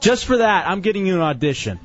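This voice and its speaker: A male radio host with a lively, swooping delivery and a slightly high voice, mock-scolding and teasing his crew. The broadcast sound is dull and lo-fi, with faint music underneath. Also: fast. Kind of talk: casual radio banter. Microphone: studio mic.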